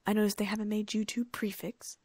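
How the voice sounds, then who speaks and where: A woman's voice: mid-range voice, flat delivery, a little fast, darkish tone, no echo, lightly acted. A woman reading a scolding wizard mum. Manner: scolding, proud. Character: bossy mother of a big wizard family.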